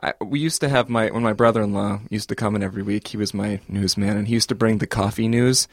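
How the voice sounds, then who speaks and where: A man's voice: fairly low pitch, steady tone, fast, creaky, no echo, studio quality. A man who hosts a college radio show, joking and laughing in a casual podcast chat, talking into a headset mic.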